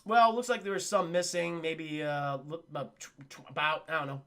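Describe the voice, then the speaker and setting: A man's voice: fairly high pitch, steady tone, moderate pace, sharp tone. A smug male henchman from a cartoon answers glibly and rambles, as a man puts him on. He sounds careless and self-satisfied. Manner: glib, rambling.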